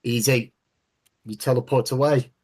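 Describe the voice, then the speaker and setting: A man running a tabletop role-playing session as game master. He narrates in a relaxed, hesitant way, full of pauses and fillers, and counts dice aloud. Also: mid-range voice, husky.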